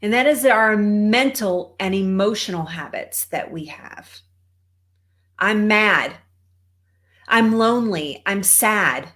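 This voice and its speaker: A woman's voice: mid-range voice, fairly bright tone. A woman with a Texan accent, a cancer coach giving a conversational motivational talk to live viewers. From Texas. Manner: conversational, greets viewers, laughs often.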